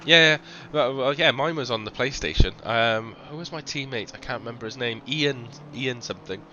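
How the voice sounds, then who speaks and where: A man commentating a sim racing stream in a relaxed, chatty way, with lots of ums and restarts. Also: medium pitch, fairly quick, highs cut off. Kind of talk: casual live-stream commentary. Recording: noticeable background noise.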